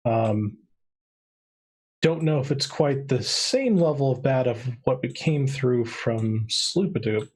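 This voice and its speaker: A man plays in a tabletop game stream, speaking at a middle pitch. He delivers his lines in a dry, joking way. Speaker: player. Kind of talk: tabletop game livestream chat.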